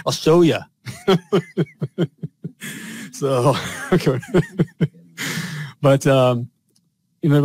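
A man's voice: medium pitch, a little mellow, no echo. A middle-aged man hosting a show, telling a personal story in a rambling way with lots of fillers and chuckles. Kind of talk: casual storytelling.

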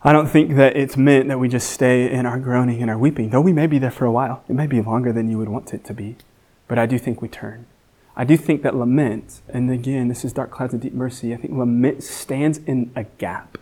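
A man giving a sermon as guest teacher, earnest, rising high and loud for emphasis and dropping soft when reflective. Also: steady tone, fairly quick. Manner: frequent fillers and restarts.

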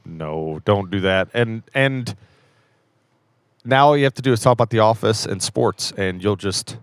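A man's voice: on the low side, expressive, unhurried, no room sound. A man co-hosting a church podcast, chatting in a laid-back way with short replies. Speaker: church lead elder, podcast co-host. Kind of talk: casual chat.

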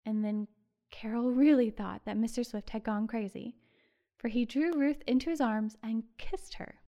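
Woman reading a storybook aloud, calm and measured, kinda high mellow voice. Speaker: audiobook narrator. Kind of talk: scripted narration.

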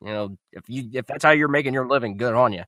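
Bright-voiced co-host. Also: male voice, medium pitch, quick pace, no echo, clean studio sound. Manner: easygoing, joking, blunt. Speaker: podcast co-host. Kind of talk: casual chat.

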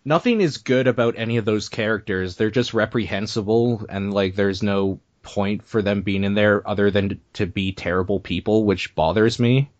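A man's voice: on the low side, moderate pace, few pauses, no echo. A man hosting a casual podcast, teasing his guest and laughing easily. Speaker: podcast host. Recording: dull lo-fi audio.

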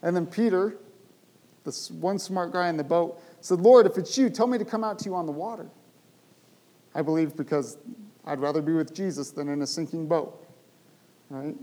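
A male pastor preaching a sermon, speaking with animated emphasis and rising to loud, emphatic bursts. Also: fairly high pitch, normal speed, pauses often, poor audio.

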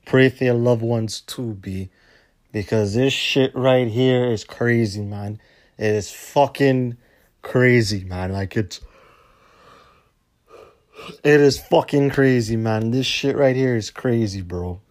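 A man's voice: medium pitch, slow pace, a little mellow. A man hosting his own podcast in a drowsy, laid-back monologue, swearing a lot and tacking "man" onto his sentences. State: tired, yawning. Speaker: podcast host. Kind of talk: casual monologue.

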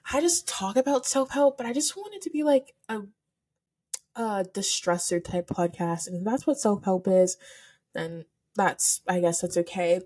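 A woman's voice: medium pitch, dark tone. A teenage girl hosting her own podcast in casual solo chat, giggly and gushing, rambling with lots of fillers and close to tears. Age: teens. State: emotional, near tears. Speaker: podcast host. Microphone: camera setup for filming.

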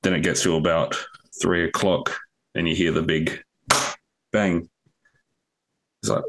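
A young man with a very low voice tells a long, meandering joke on a casual podcast. He swears freely and rambles as he talks. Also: fairly even intonation, normal speed, long pauses, fairly bright tone. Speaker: podcast co-host. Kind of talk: casual storytelling.

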